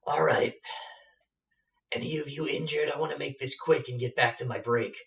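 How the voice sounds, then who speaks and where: A man doing a gruff, impatient horned giant. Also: a little high, fairly even intonation, moderate pace, a bit bright, reverberant, recorded from a distance.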